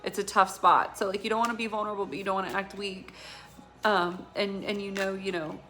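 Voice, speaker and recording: A woman with a bright, forceful voice at an ordinary middle pitch, giving a casual intuitive tarot reading to an unseen viewer. She rambles earnestly with many fillers and pauses, and her talk turns emotional as she reads the cards. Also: steady tone. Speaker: tarot reader.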